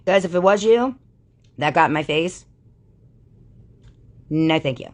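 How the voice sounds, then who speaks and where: A woman with a low voice and lively intonation rants angrily on a livestream, though at an unhurried pace. She curses nonstop while calling people out.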